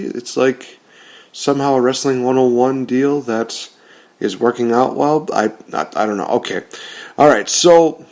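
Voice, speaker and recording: A man's voice: medium pitch, darkish tone. A man giving casual, rambling commentary on rebooking wrestling storylines, often correcting himself.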